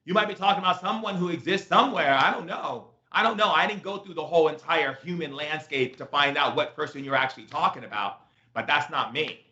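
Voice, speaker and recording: A man's voice: a little high, fast, sharp tone. A man teaching a spiritual self-help talk, emphatic and repetitive with playful asides. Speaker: shaman teacher. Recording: echoey room, dull lo-fi sound.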